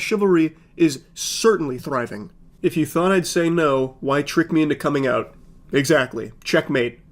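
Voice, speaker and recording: A man giving comedic commentary on creepy text messages, sarcastic and profane, reading the texts aloud with mocking voices. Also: fairly high pitch.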